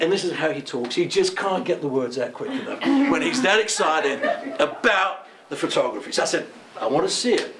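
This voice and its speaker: A man's voice: on the high side, lively intonation, fairly quick, hardly any pauses, roomy sound, crowd noise. A middle-aged man with a British accent, a magazine publisher giving a chatty, enthusiastic gallery opening speech in a museum, laughing often. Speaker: magazine publisher introducing an exhibition.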